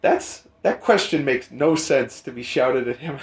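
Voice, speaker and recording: A young man hosting a podcast, telling a rambling, profane story in casual chat and jumping into animated quoted voices. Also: medium pitch, a little slow, few pauses, a crowd in the background. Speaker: podcast host. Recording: roomy echo.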